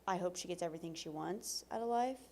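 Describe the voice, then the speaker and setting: A woman's voice: on the low side, fast, warm tone. Chatty young woman in a podcast chat. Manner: chatty, emphatic, wraps up with "final thoughts". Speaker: podcast co-host. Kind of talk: casual chat.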